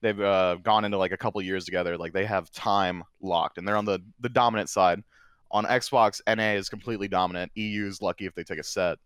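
A man guesting on a podcast, telling a competitive gaming story in a casual, animated way that gets loud and excited. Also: deep voice, a little fast, smooth, dry recording, clean studio sound. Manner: excitable, animated storyteller who drifts into shouting. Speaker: guest, former console champion.

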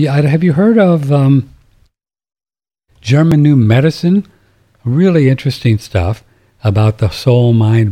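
A man's voice: fairly low pitch, warm tone. A man hosting a talk radio show, rambling casually with many fillers and restarts.

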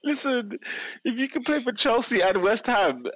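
A man's voice: very high voice, lively intonation, normal speed, dry recording, rough recording. A young man, teasing and laughing through casual football banter as a podcast co-host. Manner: laughs often, loud and teasing.

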